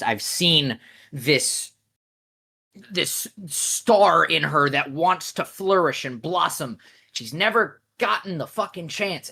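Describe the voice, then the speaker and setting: A man co-hosting a podcast, talking passionately with frequent swearing, swinging between loud and soft. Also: medium pitch. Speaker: podcast co-host. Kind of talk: casual podcast chat.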